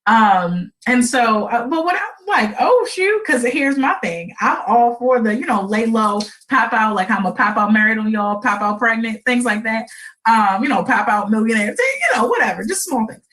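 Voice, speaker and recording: A woman radio host telling a story in casual chat, animated and laughing often. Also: moderate pace. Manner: animated, laughs often, jumps into high excited voices when quoting.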